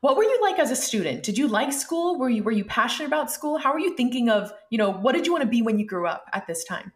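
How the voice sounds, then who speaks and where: A woman's voice: a little high, sing-song, fast talker, roomy sound. A woman hosting an interview, asking encouraging, rambling follow-up questions. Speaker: interviewer host.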